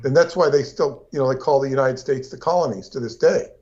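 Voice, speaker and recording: A man's voice: medium pitch, quick pace, darkish tone, lo-fi sound. A man co-hosting a casual livestream conversation, rambling along with frequent restarts and asides. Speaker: co-host.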